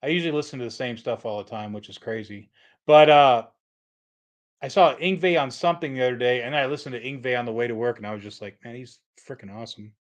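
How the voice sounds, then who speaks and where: A man's voice: medium pitch, fast talker. A middle-aged man hosting a casual guitar livestream, rambling with lots of fillers and restarts. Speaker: livestream host, guitar tech.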